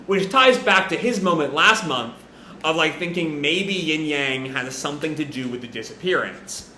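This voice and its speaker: A man's voice: on the high side, normal speed, pushed and bright, reverberant, slight background noise. A man casually recapping a comic chapter as a reaction host, rambling with lots of fillers and the odd swear word.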